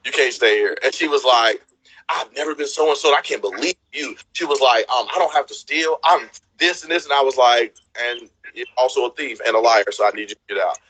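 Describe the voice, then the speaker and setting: A man's voice: medium pitch, brisk, a bit bright, breathy edge, low-quality recording. A man casually telling a dating story, acting out what each person said and laughing often.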